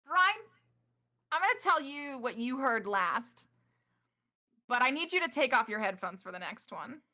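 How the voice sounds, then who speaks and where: A woman's voice: fairly high pitch, big pitch swings, a little slow, pushed and bright. A young adult woman narrating as game master in a chatty, affectionate way, with frequent ums.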